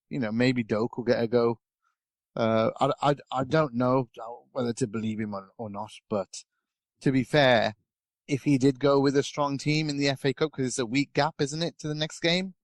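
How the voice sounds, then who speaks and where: A man's voice: medium pitch, no room sound. A man chatting casually as a podcast pundit, rambling with lots of fillers and restarts. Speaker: guest pundit.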